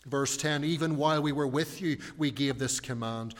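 A man preaching a sermon in an earnest, measured way, reading scripture and leaning hard on key words. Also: medium pitch, steady tone, in a large hall. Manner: earnest, measured preaching with slow emphatic stresses.

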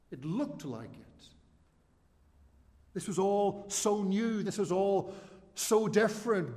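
A man's voice: on the high side, darkish tone. A middle-aged man with an Ulster accent preaching an expository sermon, earnest and sometimes repeating words as he searches for a phrase. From Northern Ireland. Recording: long hall reverb.

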